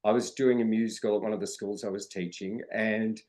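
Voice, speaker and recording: A man's voice: on the low side, fairly even intonation, fairly quick, a little mellow. Earnest Australian man telling stories. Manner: earnest storytelling, acting out quoted dialogue. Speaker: guest, drag performer and dance teacher. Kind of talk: conversational podcast interview.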